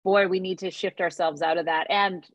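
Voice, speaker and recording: A woman with a slightly husky voice talks as a podcast guest, recorded close with a dry sound. Her delivery is upbeat and energetic, and she acts out people's reactions in little quoted asides. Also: on the low side, normal speed, no echo, dull audio. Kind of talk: casual conversation.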